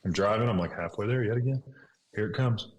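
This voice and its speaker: A man's voice: on the low side, fast talker. A man in his thirties, a podcast guest, earnestly retelling a personal story and dropping into whispers for remembered thoughts. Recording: echoey room with faint noise.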